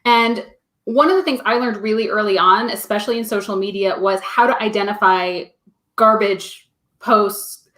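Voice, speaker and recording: A woman's voice: medium pitch, normal speed, fairly bright tone. A woman joining a live stream by video call, explaining things in a matter-of-fact, casual way. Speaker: team member, guest on the stream. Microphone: webcam on a video call. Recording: echoey room over a video call.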